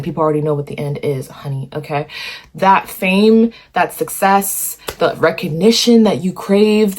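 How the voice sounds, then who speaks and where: A young woman talking to her phone camera in a warm room at home, giving animated, encouraging advice in a chatty way full of "you know" and "okay". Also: medium pitch. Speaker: vlogger. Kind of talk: casual motivational talk to camera.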